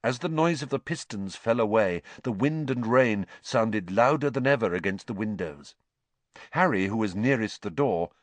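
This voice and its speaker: A man narrating a storybook in an expressive, dramatic way. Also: lowish voice, no room sound. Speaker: audiobook reader.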